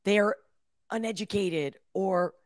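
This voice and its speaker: A woman hosting a reaction video, talking straight to her viewers and swinging from loud bursts to hushed asides. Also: medium pitch, takes it slowly, dry recording, studio quality. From Philadelphia. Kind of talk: casual reaction commentary.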